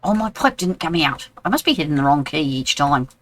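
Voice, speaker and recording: A man's voice: fairly high pitch, very animated, fairly quick, a bit bright, poor audio. A man in his sixties with a New Zealand accent, chatting casually with viewers while streaming a game and answering their messages. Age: 60s. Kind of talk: casual live-stream chat.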